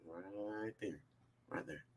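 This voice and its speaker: A man co-hosting a casual chat show and teaching dance, sassy and playful with drawn-out slang. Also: on the low side. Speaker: co-host and dance instructor.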